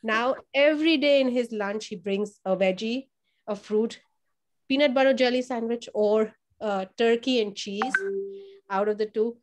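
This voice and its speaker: Animated woman telling child care stories. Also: fairly high pitch, unhurried. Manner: animated storyteller who acts out quotes in a raised voice; repeats words while thinking. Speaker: family child care provider. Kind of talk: conversational testimonial.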